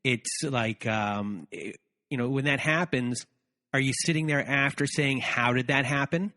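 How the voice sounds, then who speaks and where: A man's voice: mid-range voice, measured pace, bright, forceful tone, in a large hall. Thoughtful man hosting a podcast. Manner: thoughtful, searching for words with restarts. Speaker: podcast host. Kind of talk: reflective conversation.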